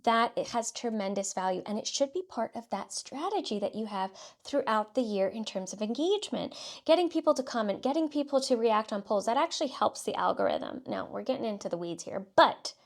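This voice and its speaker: A woman's voice: a little high, animated, a little fast. A woman from South Texas with a light Southern twang, hosting a solo podcast and coaching listeners with upbeat, direct instructions. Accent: light Southern US country twang. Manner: upbeat, coaching, direct second-person instructions with frequent "okay" and "let's say". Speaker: podcast host and marketing consultant.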